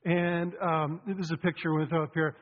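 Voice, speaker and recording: A man, a pastor, opening his sermon in a chatty, joking way with animated storytelling. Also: a little high, normal speed. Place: church sanctuary. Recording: dull sound, long hall reverb.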